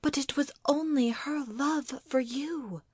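A woman's voice: high voice, slow pace, a little mellow, no echo, pitched above the performer's own voice. A woman voicing an earnest, pleading young wife. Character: anxious devoted young wife.

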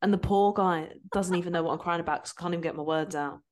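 Lower-voiced woman telling stories. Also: fast. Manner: open, storytelling, laughs easily. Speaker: podcast host. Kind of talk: casual chat.

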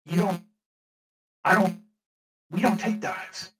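A man's voice: sits high, fairly even intonation, takes it slowly, a bit bright, voice pushed up, rough recording. A man voicing a dim, obedient one-eyed male boxer with a peg leg, speaking hesitantly. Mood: meek. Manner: hesitant, meek, stammering.

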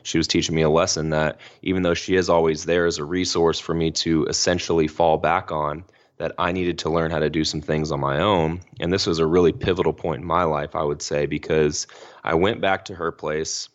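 Podcast guest: young man, deep low voice, casual slangy storyteller, muffled recording. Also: flat delivery, fairly quick. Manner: slangy, fills talk with "like" and "you know".

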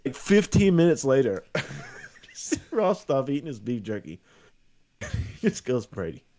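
A man's voice: mid-range voice, very animated, a little slow, dark tone. A man co-hosting a podcast, telling a story in casual, profane chat and laughing through it. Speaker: podcast co-host.

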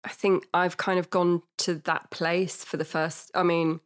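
A woman's voice: on the low side, little pitch movement, measured pace. A woman with a northern English accent, a podcast guest who speaks candidly and rambles, swearing and laughing through grim subjects. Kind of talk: casual conversational interview.

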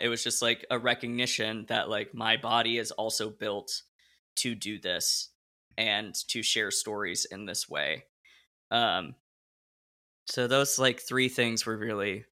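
Reflective male podcast host, bright tone. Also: on the low side. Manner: relaxed, reflective, lots of "like" fillers. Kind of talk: casual chat.

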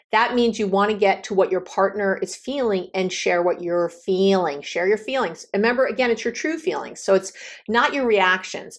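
A middle-aged woman, a relationship coach, giving direct, encouraging advice in a podcast monologue, her pitch leaping for emphasis.

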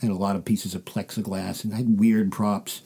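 Male comedian guest from the United States, dry anecdotal delivery, low warm tone. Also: level tone, fairly quick, slightly rough. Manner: dry storytelling, acts out quoted voices. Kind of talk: casual interview chat.

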